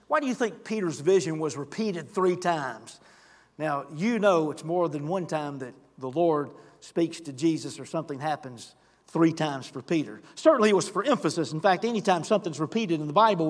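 A man's voice: on the high side, long reverb tail. A man preaching a sermon as pastor, earnest, acting out scripture quotes and speaking directly to the congregation. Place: church sanctuary.

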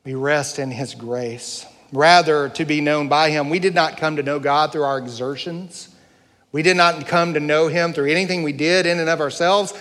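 Pastor guy preaching, high voice, big echoey hall, earnest questions. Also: fairly even intonation, normal speed, a bit bright. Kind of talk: sermon.

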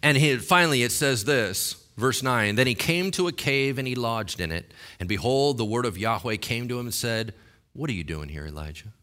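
A man's voice: moderate pace, few pauses. A man preaching a sermon in a casual, conversational way, asking the congregation questions and acting out voices from the text. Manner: rises to loud, high-pitched exhortation.

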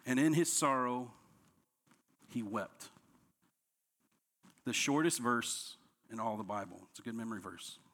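A man, a pastor, preaching a sermon, dropping to soft, low lines and rising when he acts out quoted complaints. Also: animated, fairly quick. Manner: preaching with strong swings between soft, low lines and raised, higher quoted outbursts.

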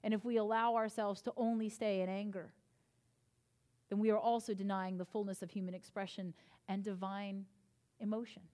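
A woman's voice: mid-range voice, little pitch movement, normal speed. Earnest woman pastor preaching. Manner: earnest, building to emphatic passages then softening. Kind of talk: sermon. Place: church.

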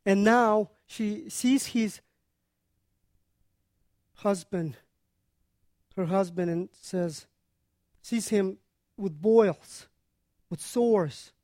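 Slow, earnest preacher, dry close sound. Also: medium pitch, warm tone, no echo. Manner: earnest, unhurried explaining with pauses. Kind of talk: sermon teaching on scripture.

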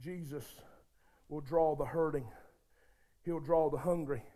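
A man preaching a sermon who talks straight to his congregation and swings between hushed, intimate passages and shouted, fervent ones. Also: fairly high pitch, unhurried. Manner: addresses the congregation directly, calls for responses.

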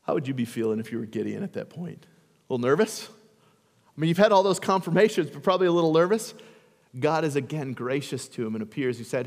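A male pastor delivers a sermon in a relaxed, conversational way and keeps turning to the congregation with questions. His voice sits fairly high for a man. The sound rings with the long reverb of a large hall. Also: quick pace.

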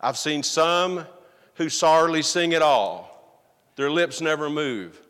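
A man's voice: fairly high pitch, slow, a bit bright, clean tone. Emphatic male preacher in a reverberant hall. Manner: earnest, emphatic preaching with rhetorical questions. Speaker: pastor. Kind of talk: sermon. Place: church sanctuary.

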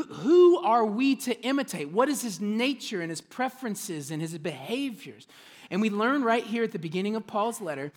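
Sometimes hushed and intimate, sometimes loud and excited, a pastor delivers his sermon in a high voice.

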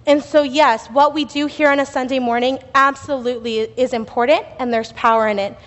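Young woman preaching, high voice, chatty with lots of fillers, big echoey church hall. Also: steady tone, fairly quick, a bit bright. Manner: chatty storytelling with laughs and fillers. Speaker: youth speaker at church. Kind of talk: sermon with personal story. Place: church sanctuary.

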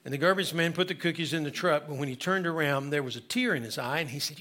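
A male pastor preaching a sermon in a church, telling a story with slow, drawn-out emphasis. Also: a little high, sharp tone. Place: church sanctuary.

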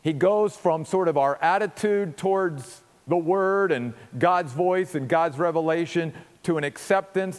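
A high-pitched male pastor delivers an earnest, emphatic sermon, often doubling his words as he presses a point. His voice rings with a long reverb from a large hall.

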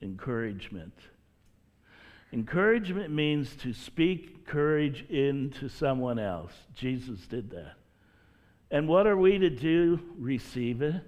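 An earnest male pastor delivers a sermon in a slow, unhurried cadence, letting his phrases hang between pauses. His voice sits a little higher than most men's, and he speaks straight to his listeners as brothers and sisters. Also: expressive, a little mellow. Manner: earnest, deliberate preaching with drawn-out pauses.

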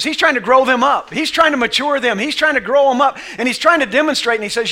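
A man delivering a sermon in a high, sharply bright voice. He reads scripture slowly and quietly. He then acts out the scenes, rising to loud, shouted passages. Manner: acts out Bible scenes in voices, swings from soft reading to shouting. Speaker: pastor.

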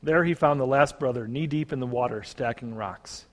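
Man telling a parable, echoing. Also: medium pitch. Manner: measured storytelling. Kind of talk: sermon storytelling. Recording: long reverb.

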